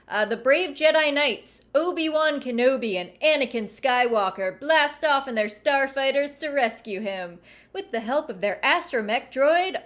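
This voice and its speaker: Wry, chatty woman with a high voice. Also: a bit bright. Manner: wry, chatty asides between read-aloud passages. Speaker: YouTube host reading a children's book aloud. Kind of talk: casual reading with commentary.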